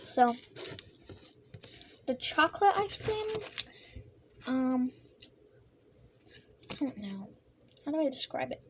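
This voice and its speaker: A woman vlogging a casual snack taste-test, excitable and giggly, chatting while she eats with her mouth full. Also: sits high, takes it slowly, long pauses, noisy background.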